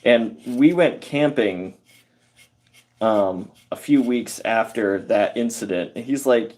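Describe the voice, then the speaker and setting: Slow, rambling man telling a story. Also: lowish voice, a little mellow. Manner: rambling, halting, many fillers and self-corrections; chuckles through the telling. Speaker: carpentry livestream host. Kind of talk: casual storytelling while working.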